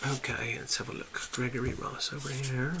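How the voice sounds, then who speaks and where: An American man with a mid-range voice hosts a casual live stream from home, speaking flatly at a moderate pace over background noise. He greets viewers by name, reads their comments, and rambles in a friendly, chatty way while setting up.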